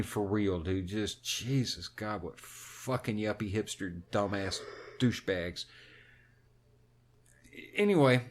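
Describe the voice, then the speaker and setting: A man co-hosting a podcast, telling a movie plot in casual, heavily profane chat. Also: fairly low pitch. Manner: animated, heavy swearing, recounts a film plot. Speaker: podcast co-host.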